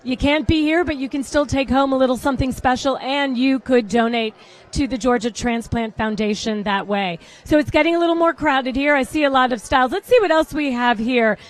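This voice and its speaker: Chatty red carpet host, woman, high voice, bubbly and easily sidetracked. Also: a little fast. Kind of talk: live event hosting. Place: red carpet at a salon event.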